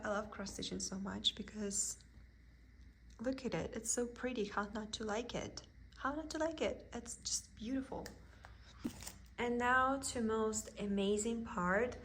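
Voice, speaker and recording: A woman with a thick Russian accent, a vlogger chatting excitedly about her cross stitch haul at home. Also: medium pitch, slight background noise. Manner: gushing, excited, with soft giggles. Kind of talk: casual haul video.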